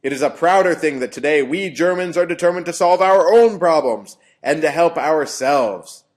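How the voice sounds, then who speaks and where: A man doing a ranting dictator who yells his speech from the podium, loud, raised in pitch and pushed hard. The voice strains upward and punches each phrase. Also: normal speed, natural voice. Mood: yelling. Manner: yelling, declaiming.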